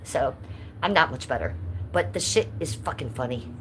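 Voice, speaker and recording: A woman's voice: rumbling low, lively intonation, normal speed, fairly bright tone, slight background noise. Blunt, sweary woman livestreaming from a phone. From Cleveland, US. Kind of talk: casual livestream chat, reading chat aloud. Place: at home, stepping outside in the cold. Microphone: phone held by hand.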